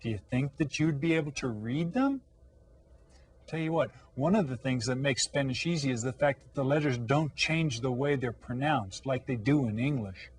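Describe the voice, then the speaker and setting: A man teaching an elementary language lesson, patient and encouraging, pausing to ask children questions. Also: medium pitch, expressive, slightly rough.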